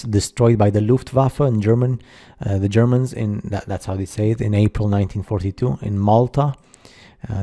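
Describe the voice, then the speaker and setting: Dark-voiced man, halting skeptical narration. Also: on the low side. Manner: halting, many fillers and restarts, skeptical asides. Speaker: narrator of a slideshow video. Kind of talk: casual voice-over commentary.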